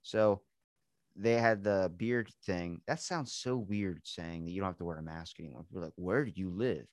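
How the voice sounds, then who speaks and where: A man from the United States hosts a podcast in a low voice, chatting loosely and swearing often. His voice sounds dry and close, with no room around it. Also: normal speed, no room sound. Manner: swearing, self-deprecating. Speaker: podcast host. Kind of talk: casual chat.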